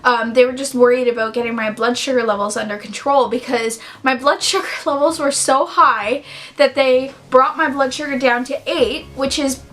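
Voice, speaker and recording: A young woman telling a personal story in a casual, animated vlog, saying "like" a lot. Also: sits high, normal speed. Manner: chatty, animated, heavy use of "like". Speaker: vlogger.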